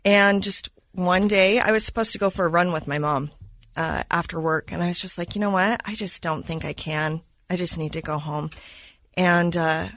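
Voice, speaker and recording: A woman who is a mother of school-age kids, a podcast guest telling a personal story in a lively way and acting out what people said. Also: lowish voice, no echo. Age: adult mother of school-age kids. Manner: lively retelling that acts out quoted dialogue.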